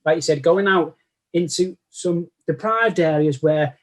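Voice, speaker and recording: A man with a Manchester accent, chatting as an interview guest. His voice sits a little high for a man. He talks in a loose, rambling way and keeps restarting his sentences. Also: unhurried. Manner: rambling, lots of restarts and self-corrections. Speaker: guest cosplayer. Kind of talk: casual interview chat.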